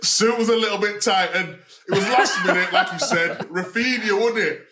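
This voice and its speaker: Laughing, animated man. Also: sits high, normal speed, echoey room, noisy background. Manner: lively, laughing, animated storyteller. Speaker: podcast co-host. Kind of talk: casual football podcast chat.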